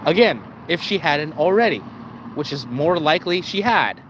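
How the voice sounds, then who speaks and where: A man's voice: a little high, expressive, normal speed, a little hiss or hum. Rambling man on a live stream. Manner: rambling, many restarts, addresses "ladies and gentlemen". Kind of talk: casual live-stream commentary.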